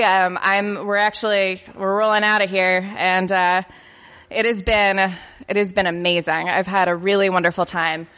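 A woman's voice: mid-range voice, fairly bright tone. A woman telling a personal anecdote in a self-deprecating way, tripping over her words and laughing as she goes. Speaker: storyteller. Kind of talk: personal anecdote told to an audience. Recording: long reverb of a hall.

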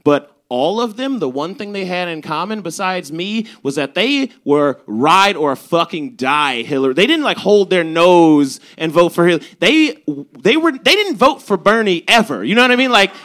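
A young man from Chicago's South Side telling a stand-up story, animated and swearing, acting out quoted lines. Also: high-pitched, moderate pace. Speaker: stand-up comedian.

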